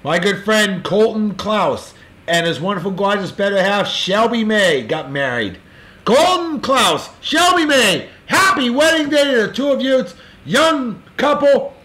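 Bright-voiced, boisterous man giving shout-outs. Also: high-pitched, very animated, a little slow. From California. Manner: boisterous, jokey, folksy. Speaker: show host. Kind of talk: casual birthday shout-outs.

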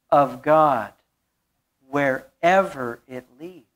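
A woman's voice: mid-range voice, expressive, takes it slowly, long pauses. A woman pastor preaching a sermon, telling a story and repeating key phrases for emphasis.

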